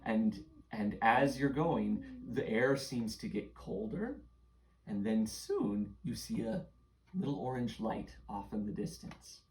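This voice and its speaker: A woman's voice: a bass voice, lively intonation, takes it slowly, a little mellow, reverberant. A woman running a playful, interactive story game for children, coaxing them along and laughing often.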